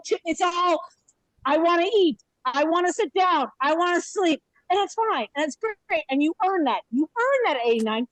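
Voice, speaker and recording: Woman in her fifties, comedian on a video call, high voice, dry close sound, animated storyteller. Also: dry recording, low-quality recording. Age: 50s. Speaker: stand-up comedian. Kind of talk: live virtual stand-up set. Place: hotel room. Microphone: laptop webcam on a video call.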